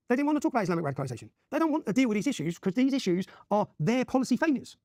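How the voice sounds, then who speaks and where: Guest, rapid-fire emphatic storyteller, dry room. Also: male voice, very high voice, sing-song, a little mellow, no room sound. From Luton, England. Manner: rapid, emphatic, keeps checking with "yeah?". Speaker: interview guest. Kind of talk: animated personal storytelling.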